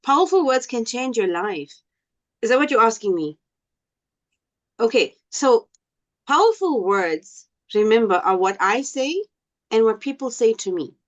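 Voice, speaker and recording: A woman teaching an online class, speaking slowly and deliberately and often checking whether her students understand. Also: on the high side, sing-song. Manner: slow, deliberate, asks the class questions. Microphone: video call. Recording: dull lo-fi video call audio.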